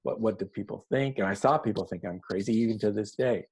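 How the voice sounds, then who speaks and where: A man's voice: fairly low pitch, fast talker, darkish tone, slightly rough, rough recording. A man being interviewed as an author, explaining his ideas earnestly and telling stories in a conversational way.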